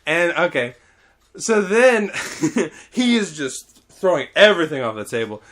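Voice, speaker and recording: A man hosting a podcast, telling a story in casual chat, animated, laughing often and swearing freely. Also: on the high side, unhurried.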